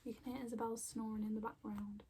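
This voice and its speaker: A young woman giving an emotional oracle card reading at home, soft and rambling with many fillers. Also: on the high side, flat delivery, a little fast, heavy background noise. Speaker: spiritual card reader. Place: home room with plants.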